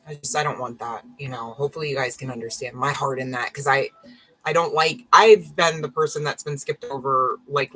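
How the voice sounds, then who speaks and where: A woman's voice: low-pitched, bright, forceful tone, poor audio. A woman reading tarot on a live stream, rambling and frank, swearing and apologizing often. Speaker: tarot reader.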